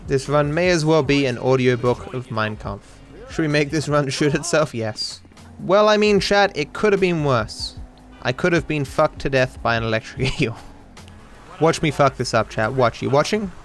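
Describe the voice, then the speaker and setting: A young Australian man giving casual commentary over a speedrun, sarcastic and self-deprecating, with sudden excited outbursts. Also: fairly high pitch, moderate pace, faint music behind. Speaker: speedrunning streamer.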